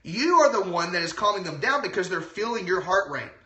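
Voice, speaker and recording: Excited male doctor, chatty livestream host, bright tone, echoey room. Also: sits high, brisk. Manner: excited, chatty, lots of asides. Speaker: doctor giving health advice. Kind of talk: casual livestream talk.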